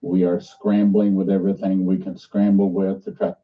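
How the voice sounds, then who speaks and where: Earnest ministry guy asking for donations, halting, sounds far off and muffled. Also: deep voice, flat delivery. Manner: earnest, halting, restarts often. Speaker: ministry leader. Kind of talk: fundraising appeal with sermon. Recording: muffled, distant played-back clip.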